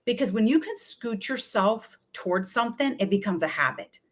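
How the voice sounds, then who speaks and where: A middle-aged woman, a wellness coach, telling lively stories in an interview and acting out what people said to her. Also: a little high, normal speed. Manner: energetic, chatty, often acts out quoted voices. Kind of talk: animated storytelling in a talk-show interview.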